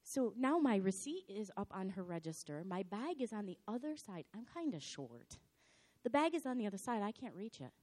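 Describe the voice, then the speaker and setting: A slightly hoarse woman pastor giving a sermon in a dramatic, animated storytelling manner. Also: mid-range voice, moderate pace.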